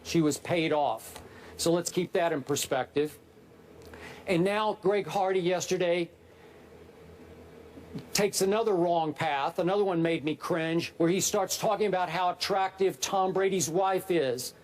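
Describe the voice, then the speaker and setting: A man's voice: high-pitched, unhurried, darkish tone, a little hiss or hum. A man co-hosting a sports debate show in a TV studio, sounding indignant and exasperated.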